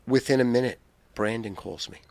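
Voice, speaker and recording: An older man telling wild stories as a podcast guest, loud and profane and laughing often. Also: medium pitch, a little fast, no echo. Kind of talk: boisterous storytelling.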